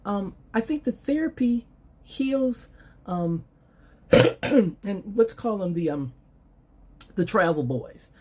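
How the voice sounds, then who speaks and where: A woman's voice: medium pitch, expressive, takes it slowly, pauses often, mellow, breathy edge. A middle-aged woman giving dating advice in a casual monologue, often checking in with "okay?" and "all right?" and brushing things off with "blah, blah.". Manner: dismissive "blah, blah" asides.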